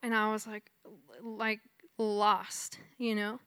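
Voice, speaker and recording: Woman telling her story, smooth and dry. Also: medium pitch, completely flat delivery, slow, sharp tone, dry recording. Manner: chatty storytelling, full of "like" and "you know". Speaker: speaker sharing her testimony. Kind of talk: conversational testimony sermon.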